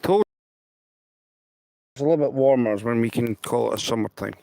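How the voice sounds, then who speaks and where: With a creaky, dark, medium-pitched voice at a moderate pace, a Scotsman livestreams trainspotting beside a railway line outdoors. He rambles, repeats himself and speaks emphatically to viewers via a handheld camera, and there's no room sound.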